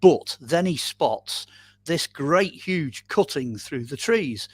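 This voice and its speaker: Guy telling a story on a podcast, voice a bit on the high side, lots of um and you know, dry close mic. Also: takes it slowly, slightly rough, no echo. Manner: animated retelling with many "um"s and "you know"s. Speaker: guest storyteller on a paranormal podcast. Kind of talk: casual interview storytelling.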